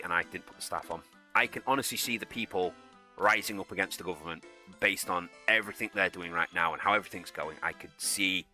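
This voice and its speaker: A young British man who is both a gaming streamer and a soldier plays a game while reading chat, talking bluntly and swearing as he rambles. His voice is low-pitched, pushed and bright.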